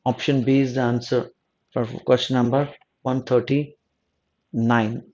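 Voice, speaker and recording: A man's voice: medium pitch, level tone, measured pace, darkish tone. Guy teaching exam prep, goes over answers, keeps rephrasing, kinda dull lo-fi sound. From South India. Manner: repeats himself, rephrases mid-sentence, asks "no?". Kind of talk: explaining test answers.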